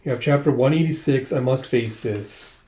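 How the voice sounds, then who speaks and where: A man talks through a manga chapter in an easygoing way, quoting characters with lots of "he's like" and "it's like." His voice is mellow and dark in tone. It sounds like an echoey room. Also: mid-range voice, moderate pace. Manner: retells the plot with many "he's like" quotes, voicing lines loosely. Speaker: manga reviewer. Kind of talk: casual recap of a manga chapter.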